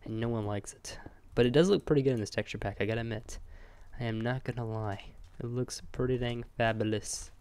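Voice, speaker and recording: A young man giving chatty, excitable let's-play commentary, joking and talking to his viewers as he plays. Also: medium pitch, fairly quick, gravelly, no room sound. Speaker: gamer.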